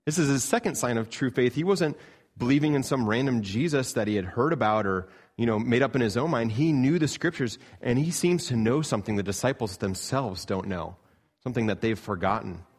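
A man, a pastor from Canada, preaching a sermon in an earnest style, rising to emphatic peaks and dropping low. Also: lively intonation, brisk, slightly rough.

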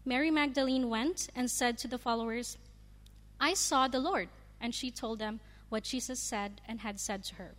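Woman, scripture reader, careful measured reading, fairly high voice, long hall reverb. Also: fairly even intonation. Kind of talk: reading a Bible passage aloud.

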